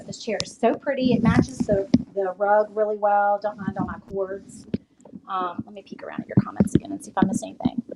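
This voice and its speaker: A woman's voice: mid-range voice, creaky. A woman giving a rambling, chatty live tour of her home craft room, slightly out of breath as she walks around, with lots of ums and likes. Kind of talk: casual live-stream chat. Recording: loud background noise with clicks.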